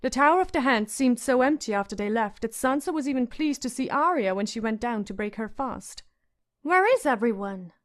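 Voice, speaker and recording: A woman's voice: on the high side, expressive, fairly quick, hardly any pauses. Woman reading a fantasy audiobook. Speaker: audiobook narrator. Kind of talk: audiobook narration.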